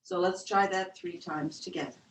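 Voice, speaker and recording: A woman yoga instructor leading a webcast breathing class, with slow, gentle counted cues. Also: on the low side, steady tone. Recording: roomy, distant webcast audio.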